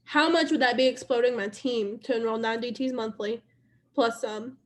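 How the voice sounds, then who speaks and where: High-voiced woman giving a chatty pep talk. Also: moderate pace. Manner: chatty and repetitive, addressing viewers directly. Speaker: team leader speaking to her sales team. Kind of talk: casual motivational live stream talk.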